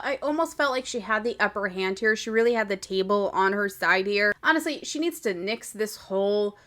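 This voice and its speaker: A woman's voice: mid-range voice, fairly bright tone. A young woman hosting a casual podcast recap. She talks in a chatty, opinionated way and laughs often. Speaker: podcast host. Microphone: podcast microphone.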